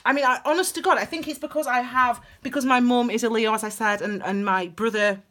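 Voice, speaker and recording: A woman's voice: a little high, steady tone, brisk, pushed and bright. A woman giving a chatty, gushing tarot reading to her viewers, calling them her darlings. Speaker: tarot reader. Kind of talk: casual tarot reading to camera.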